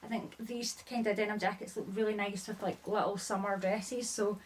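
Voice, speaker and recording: A woman's voice: medium pitch, fairly even intonation, moderate pace, a little hiss or hum. A woman chatting casually through a haul video, a little out of breath, rambling and apologizing often, filling her sentences with "like". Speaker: haul vlogger. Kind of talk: casual chat showing items.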